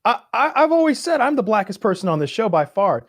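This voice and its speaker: Husky, stammering podcast man. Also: high voice, sing-song. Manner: halting, stammering, boastful. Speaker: podcast regular. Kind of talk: casual podcast banter.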